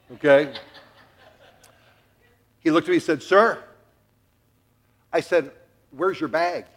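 A middle-aged man preaching a sermon in a church, telling a family story with jokes and acting out the quotes. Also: fairly high pitch. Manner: animated, jokey, acts out quotes. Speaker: pastor.

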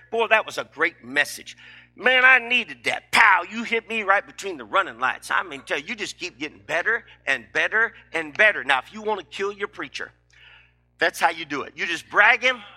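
Man, middle-aged preacher, joking sermon, tense forceful voice. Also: high-pitched. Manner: folksy, emphatic, joking.

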